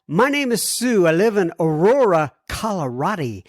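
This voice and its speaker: A man's voice: high-pitched, big pitch swings, moderate pace, dry recording, clean studio sound. An American man hosting a podcast, reading listener letters in a casual, rambling way that keeps drifting into apologetic tangents. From United States. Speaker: podcast host.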